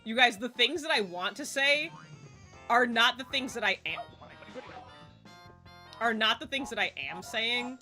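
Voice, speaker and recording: A woman's voice: fairly high pitch, unhurried, long pauses, pushed and bright, soft background music. A woman around forty giving casual live gameplay commentary as a streamer, exasperated and swearing freely.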